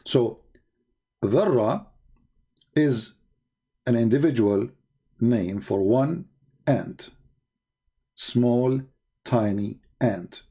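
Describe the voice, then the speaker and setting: A man's voice: mid-range voice, extremely slow, pauses often, dark tone, husky. Mocking man hosting a live debate. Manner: mocking, rhetorical questions. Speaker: live-stream debate host. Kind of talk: live-stream debate talk.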